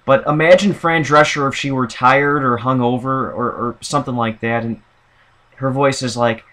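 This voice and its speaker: A man chats through a casual, opinionated vlog monologue, rambling and circling back with frequent fillers. His voice sits at an average male pitch and carries a bright, forward tone. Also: steady tone, moderate pace. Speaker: vlogger.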